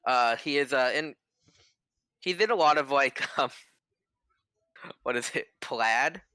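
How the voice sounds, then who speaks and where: A man's voice: mid-range voice, takes it slowly, pushed and bright, clear, resonant tone, no room sound. A man narrating as game master in a casual, rambling way.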